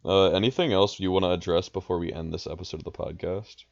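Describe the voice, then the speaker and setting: A man's voice: deep voice, fairly even intonation, quick pace, creaky, dry recording. A man hosting a casual podcast chat, teasing and joking with his guests. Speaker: podcast host. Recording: dull lo-fi mic.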